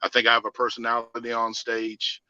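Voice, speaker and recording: Southern man, very bright ringing tone, chatty interview guest, dry slightly dull recording. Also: mid-range voice, fairly quick, no echo. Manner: animated, laughing storyteller with many restarts. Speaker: singer and producer, interview guest. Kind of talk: casual interview storytelling.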